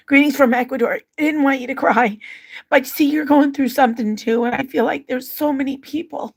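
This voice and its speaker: A woman's voice: high-pitched, a little slow, gravelly. A woman hosting a livestream, reading out viewer comments and her own personal letters in an open, emotional way. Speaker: livestream host.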